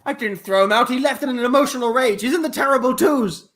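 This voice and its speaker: Guy putting on a frantic mum yelling for her kid, high and bright. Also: fast. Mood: defensive. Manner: shouting, frantic. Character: frantic mother of a toddler, careless and shrill. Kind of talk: improvised comedy scene.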